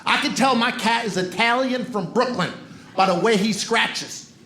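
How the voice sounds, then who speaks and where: Doing a stand-up set at a comedy club, a man in his forties speaks in a very high voice at normal speed. His act is full of punchy banter and crowd-directed riffs. Loud audience noise fills the roomy live venue.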